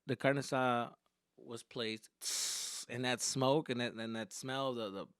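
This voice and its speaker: A man who is a comedian and podcast host, telling stories in an animated, profane, casual way. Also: medium pitch, a little slow, clear, resonant tone, dry recording, clean studio sound. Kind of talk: comic storytelling.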